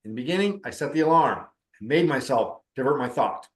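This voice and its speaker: Speaking briskly and with animation, a middle-aged man who works as a spiritual teacher and counselor narrates a story on spiritual practice. He keeps it conversational and performs the characters' dialogue, his medium-pitched voice reverberating in the space.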